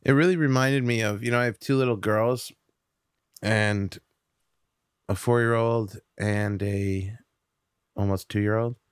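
A man with a low-set, smooth and resonant voice talks through his thoughts as a podcast guest. He wanders a bit, piling up fillers and restarts, in a dry, close-miked sound with no room around him. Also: fairly even intonation, a little slow, long pauses, no room sound. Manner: reflective, rambling with fillers. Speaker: podcast guest, stand-up comic. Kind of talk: casual podcast discussion.

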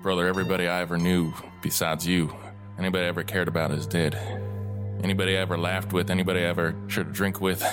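Very deep guy doing a grim doomed man, halting and stammery, music playing clearly behind, tabletop game. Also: level tone, natural voice. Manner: heavy, halting, stammering resolve. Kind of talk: tabletop role-play.

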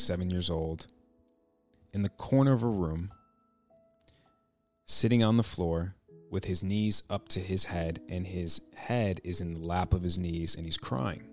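A man telling a personal story in a reflective, halting way, with many restarts. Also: low voice.

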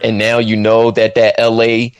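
A man co-hosting a podcast, chatting casually about a film with slang and quick quoted asides. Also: clear, resonant tone. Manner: animated, swoops up high when quoting himself, slangy. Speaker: podcast co-host reviewing a film. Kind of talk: casual chat.

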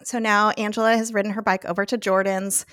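A woman's voice: medium pitch, flat delivery, fairly quick, a bit bright, no room sound, studio quality. A woman guest on a podcast, casually recapping a TV episode, chatty and laughing often as she acts out what the characters say.

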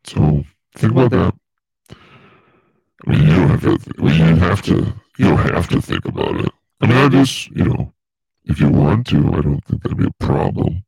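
A man putting on a deep, gravelly devil voice with a slow, menacing drawl. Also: animated, a little mellow, dry recording, exaggerated voice. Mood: growling. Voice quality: gravelly, raspy growl.

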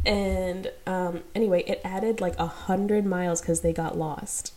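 A woman with a mellow, warm-toned voice, pitched a little low, chats on a podcast. She is giggly and playful and slips into little voices when retelling a story. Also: fairly even intonation, a little slow, hardly any pauses. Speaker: podcast co-host. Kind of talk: casual chat.

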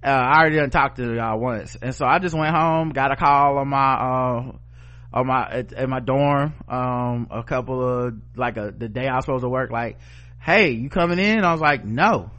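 A man's voice: mid-range voice, steady tone, moderate pace, fairly bright tone. A middle-aged man co-hosting a podcast, telling a story in casual chat with blunt, profane language and acted-out quotes. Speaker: podcast co-host.

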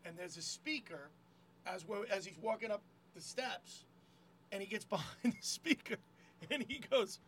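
A man comedian hosting a casual chat, telling a story loudly and shouting out the lines of the people he quotes. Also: high-pitched, moderate pace, slight background noise, rough recording. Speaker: comedian host.

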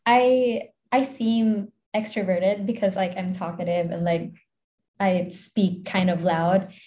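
A woman's voice: mid-range voice, fairly even intonation, takes it slowly, dark tone. A young woman with a Filipino accent, a content creator chatting casually as an interview guest, rambling with lots of fillers and giggles.

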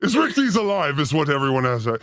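A man's voice: fairly high pitch, big pitch swings, quick pace, fairly bright tone, no room sound, studio quality. A man co-hosting a livestream, teasing his co-host with mock outrage in casual banter. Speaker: co-host of a streamed show.

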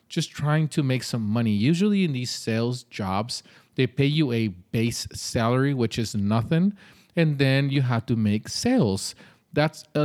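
A man's voice: medium pitch, a little mellow. A man hosting a podcast, giving casual advice in a blunt, conversational way with some mild swearing. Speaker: podcast host.

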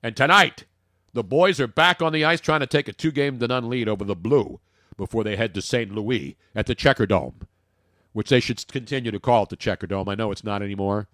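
A man's voice: medium pitch, fairly quick, a bit bright, no echo, studio quality. A man hosting a casual sports podcast, rambling and joking with opinions. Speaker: podcast host.

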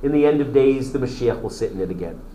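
A man's voice: mid-range voice, animated, fast, warm tone. Enthusiastic male teacher in echoey classroom. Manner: enthusiastic storytelling, answers student interruptions. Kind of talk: classroom lecture.

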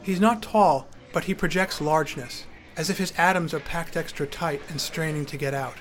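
A man's voice: fairly high pitch, normal speed. A man narrating his own memoir in a wry, conversational storytelling manner.

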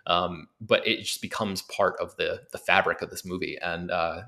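Low-voiced man rambling through podcast chat. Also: steady tone, moderate pace, vocal fry, bright, forceful tone. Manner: rambling, hesitant, trails through many restarts. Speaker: podcast co-host.

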